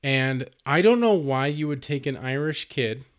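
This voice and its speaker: A man co-hosting a podcast in loose, casual movie-review chat. His voice is smooth and clear at a middle pitch, and he rambles, swears freely and laughs often. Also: animated, measured pace. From United States. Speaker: podcast co-host.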